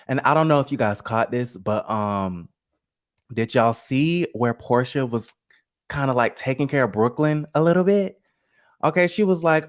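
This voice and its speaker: A man hosting a live gossip stream, chatty and sassy, talking straight to his chat. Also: mid-range voice. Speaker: host of a live gossip show. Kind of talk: casual live-stream commentary.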